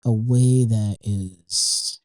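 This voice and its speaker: A man's voice: lowish voice, fairly even intonation, extremely slow, a little mellow, dry recording, poor audio. A young man hosting a podcast, talking in a rambling, emotional way with lots of fillers, restarts and swearing. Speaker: podcast host. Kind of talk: casual monologue.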